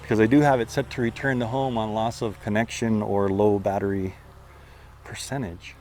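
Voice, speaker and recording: A man doing excitable, casual commentary outdoors while flying and chasing a drone, out of breath at times. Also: on the low side, normal speed, slight background noise. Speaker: drone reviewer. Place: outdoors among trees.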